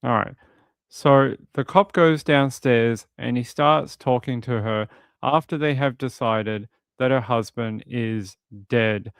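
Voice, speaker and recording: A man's voice: mid-range voice, slow pace, clear, resonant tone, no room sound. A man giving casual livestream commentary on a case, talking in a rambling, conversational way and reading out viewer comments. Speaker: true crime streamer.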